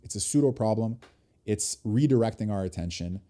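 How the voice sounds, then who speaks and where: A man with a fairly low voice reads an article aloud for a livestream audience. His tone is mellow and dark rather than bright. Every so often he breaks from the text to add a short remark of his own before reading on. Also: lively intonation, a little fast.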